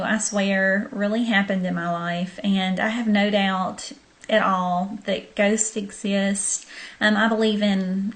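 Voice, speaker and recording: A young woman with a Southern US accent talks straight to her viewers, casual and chatty, filling her pauses with ums. She tells her story at an easy, conversational pace in a middle-pitched voice. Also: fairly bright tone. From southern Arkansas. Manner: chatty, many ums, friendly direct address. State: tired, up late at night. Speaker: vlogger.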